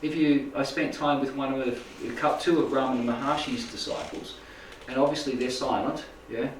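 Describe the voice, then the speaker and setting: A man's voice: mid-range voice, steady tone, moderate pace, slight background noise. Rambling man in an echoey room. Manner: rambling, checks in with "right?" and "make sense?". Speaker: spiritual healing teacher. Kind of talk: informal talk to a small group. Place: indoor room with a live audience. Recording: echoey room, mic at a distance.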